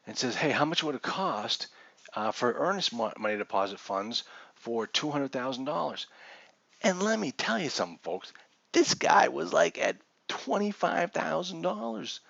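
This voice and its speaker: A man's voice: medium pitch, gravelly, no echo, muffled recording. A man instructor presenting a seminar, telling a story and acting out the people in it. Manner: animated storytelling with quoted dialogue. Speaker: real estate investing instructor.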